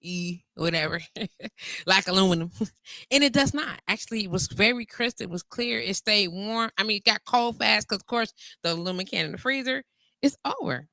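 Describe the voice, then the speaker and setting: This internet radio host, a woman in her 40s, speaks briskly in a gravelly, medium-pitched voice with no echo. Running a relaxed live call-in show, she talks openly, laughs a lot, and reads comments out with animated energy.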